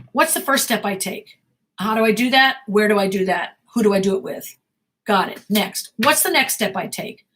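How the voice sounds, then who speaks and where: Fielding questions from viewers, a middle-aged acting coach speaks with a high, sharp voice. Her answers are forceful and direct, and she tends to say things more than once.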